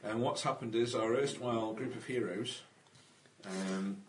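A man's voice: on the low side, unhurried, over a noisy crowd, poor audio. A man narrating a tabletop game as game master, recapping the story in a jokey, rambling way.

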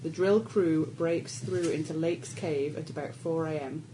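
A woman stands in as game master and reads the scenario aloud. Her voice sits a little low, and her reading is casual and teasing. Faint room hiss runs under her. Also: steady tone, measured pace, mellow, poor audio.

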